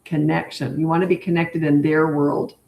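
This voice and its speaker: An older woman's lowish, slightly mellow voice holds a level tone at normal speed as she answers viewers' questions as a parenting coach on a live stream. She's chatty yet emphatic, hammering home her points amid a clear room echo.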